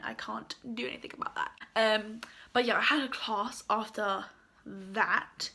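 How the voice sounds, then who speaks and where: Bright-voiced young woman telling a story. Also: medium pitch. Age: young adult. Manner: chatty, lots of fillers and quoted dialogue. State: croaky voice. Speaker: vlogger. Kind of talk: casual storytime.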